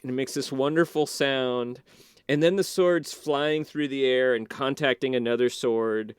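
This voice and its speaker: Male podcast guest, smooth clear voice, dry close sound, chatty animated retelling. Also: medium pitch, unhurried, no echo. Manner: animated, loose, full of "like" and restarts. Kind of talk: casual storytelling, retelling a film.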